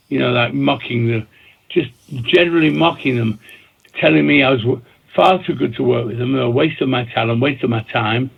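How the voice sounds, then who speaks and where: This interview guest, a man who works as a record producer and DJ, rambles through long stories, speaking in bursts with frequent repetition and restarted sentences. His voice is gravelly and husky, medium in pitch, and a little fast. The recording has a tinny, phone-line quality.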